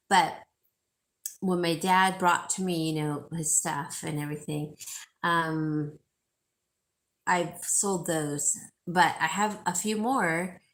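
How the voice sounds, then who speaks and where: A woman with a lowish, fairly bright voice runs a live sales stream, talking casually and reading comments from viewers. She rambles, full of fillers and restarts, gushing and saying things twice to drive them home.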